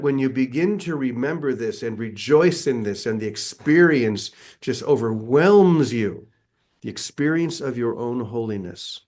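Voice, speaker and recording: A man's voice: medium pitch, a little mellow. A middle-aged man leading an online spiritual session in a casual, earnest way, often restarting his words. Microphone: video call.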